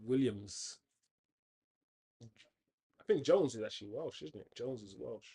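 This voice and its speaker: A man hosting a casual football watchalong, chatting on tangents and reacting loudly to the play. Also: medium pitch, animated, takes it slowly, gravelly, slightly rough. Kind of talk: casual live match commentary.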